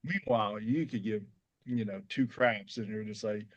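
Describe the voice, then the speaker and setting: A man co-hosting a podcast, talking in a relaxed, conversational way with casual fillers. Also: lowish voice, moderate pace. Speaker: podcast co-host. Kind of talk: casual chat.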